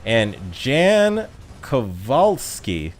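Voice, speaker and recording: Man, livestream chat, reads out comments, rambling jokes, very lively intonation. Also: mid-range voice, very slow, a little hiss or hum. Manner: joking, rambling, laughs at his own jokes.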